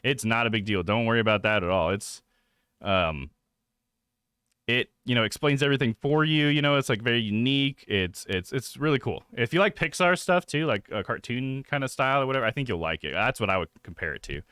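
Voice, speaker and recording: A man's voice: medium pitch, expressive, fairly quick, sharp tone, clean tone, dry recording, clean studio sound. A young man chatting casually with viewers on a live stream, laid-back and swearing freely. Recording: game music behind.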